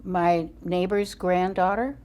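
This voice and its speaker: A woman's voice: lowish voice, steady tone, slow, a little mellow. An older woman as an interview guest on parenting, telling stories in an earnest, emphatic way. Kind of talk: interview storytelling.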